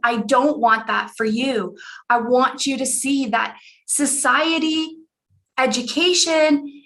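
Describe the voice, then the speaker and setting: Woman life coach in her 40s, kinda high bright voice, earnest, repeats stuff for emphasis, online call mic. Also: takes it slowly. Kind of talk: personal storytelling talk.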